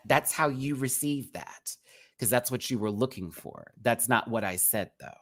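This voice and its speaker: A man's voice: mid-range voice, moderate pace, fairly bright tone. A man hosting a live review show who rants at a critic in a sassy, cutting way, throwing out pet names like sweetie and baby. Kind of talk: live confrontational rant to a critic.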